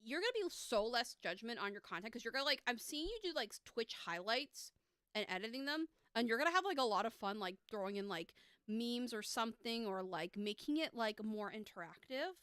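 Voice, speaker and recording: A woman's voice: on the high side, big pitch swings, brisk, a bit bright, clear, resonant tone, dry recording. A woman giving a live tarot reading, chatty and upbeat, with lots of fillers, speaking close to a streaming mic.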